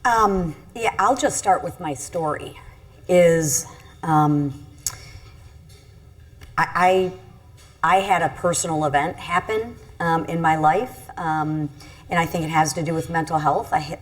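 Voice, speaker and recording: Earnest middle-aged congresswoman, slightly low voice. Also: measured pace. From Michigan. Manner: earnest, candid, self-critical storytelling. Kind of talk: panel discussion, personal story.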